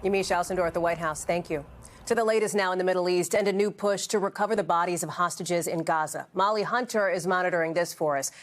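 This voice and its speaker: A woman's voice: fairly low pitch, quick pace. A woman anchoring a national evening newscast in a polished, scripted delivery. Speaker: news anchor.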